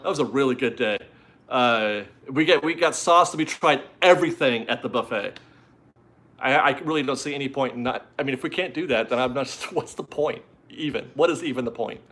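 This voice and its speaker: A man's voice: mid-range voice, a little fast, fairly bright tone. Rambling, chatty man hosting a live stream. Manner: chatty and rambling, easily amused. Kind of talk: casual live-stream chat reading viewer donations.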